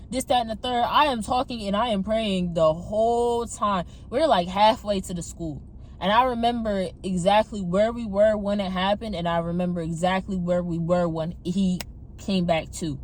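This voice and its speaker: A young woman casually telling her personal testimony to her viewers on a phone camera, animated and talking straight to them. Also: mid-range voice, moderate pace, a little hiss or hum. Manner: animated, addresses viewers as y'all. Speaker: testimony vlogger.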